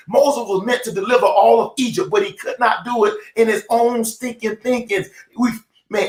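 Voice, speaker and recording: A man giving a preaching-style motivational talk, fervent and emphatic, repeating phrases. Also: high voice. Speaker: motivational speaker. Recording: echoey room.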